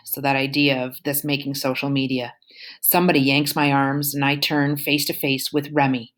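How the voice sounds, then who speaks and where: A woman reading a first-person novel aloud in an expressive, emotional way. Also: rumbling low, moderate pace. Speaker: audiobook reader.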